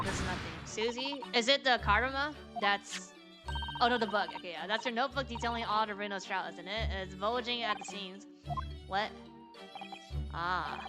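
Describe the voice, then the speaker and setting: A woman streamer reading a game's dialogue aloud and voicing every character herself, with casual asides between lines. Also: mid-range voice. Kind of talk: reading game dialogue aloud in a let's-play. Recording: game music playing underneath.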